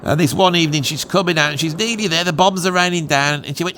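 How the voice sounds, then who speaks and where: Casting: middle-aged English man, English accent, fairly high voice, easygoing rambler who tells funny anecdotes. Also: fast, few pauses, sharp tone, slight background noise. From England. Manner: jokey, digressive, storytelling. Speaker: YouTube host, drummer. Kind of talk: casual rambling monologue.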